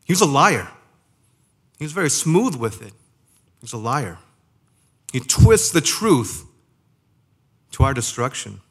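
A man's voice: medium pitch, very animated, slightly rough. Man preaching in a conversational way. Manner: conversational preaching, rhetorical questions, slows down for emphasis. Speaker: pastor. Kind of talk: sermon.

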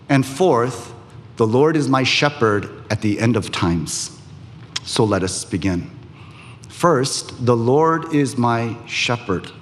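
Man, pastor, sermon, slow measured delivery, long hall reverb. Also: mid-range voice, a bit bright. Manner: measured preaching with emphatic pauses.

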